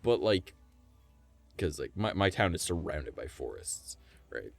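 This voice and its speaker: Lively low-voiced male streamer. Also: unhurried, gravelly, no room sound, faint music behind. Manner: animated, profane, keeps checking in with "right?". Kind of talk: casual storytelling on a live stream.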